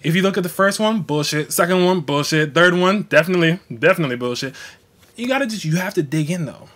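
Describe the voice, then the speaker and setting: A man's voice: high voice, fast. Blunt, slangy young man talking astrology live. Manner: blunt, slangy, profane, animated with mocking quoted voices. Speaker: astrology livestream host. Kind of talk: casual livestream talk.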